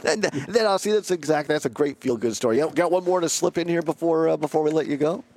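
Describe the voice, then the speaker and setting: A man's voice: a little high, darkish tone. A man hosting a radio talk show, chatting casually in a wry, jokey way. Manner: wry, jokey, quick wrap-ups.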